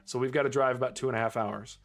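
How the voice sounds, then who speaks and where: A young man talks fast at a medium pitch with fairly even intonation, casually chatting with his viewers while gaming on a live stream. He laughs often as he plays.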